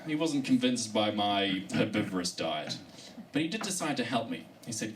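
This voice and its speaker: A man's voice: on the low side, normal speed, hardly any pauses. A male comedian telling a story in a live stand-up comedy set. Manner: storytelling, animated delivery. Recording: distant mic with live room noise.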